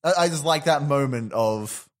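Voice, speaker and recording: A man's voice: mid-range voice, normal speed. Casual man chatting about favorite film lines. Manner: quotes film lines with put-on deliveries, laughs often. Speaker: podcast co-host. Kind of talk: casual chat.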